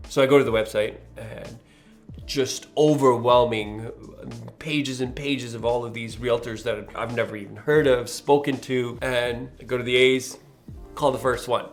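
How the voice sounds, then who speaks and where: A young adult man, a mortgage specialist, telling an earnest, animated story about his own start. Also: mid-range voice, moderate pace, faint music behind. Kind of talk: reflective storytelling monologue.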